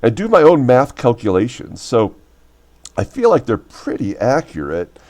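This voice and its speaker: A man hosting a baseball replay channel, talking casually with a deep, rough voice from a recent illness and lots of fillers. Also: wildly swooping pitch, normal speed, darkish tone. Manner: loose, rambling, full of fillers. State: deep sick voice recovering from illness. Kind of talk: casual game commentary.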